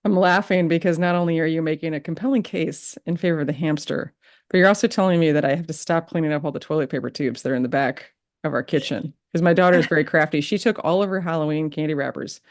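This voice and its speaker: A woman hosting a podcast, chatting casually and telling a lively story with laughs. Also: low voice, fast. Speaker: podcast host. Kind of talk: casual interview chat.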